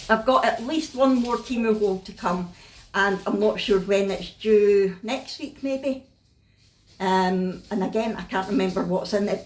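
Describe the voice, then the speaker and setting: A woman's voice: medium pitch, echoey room, rough recording. A Scottish woman chatting casually about a craft haul at home, self-mocking and laughing often. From Scotland. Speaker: craft vlogger.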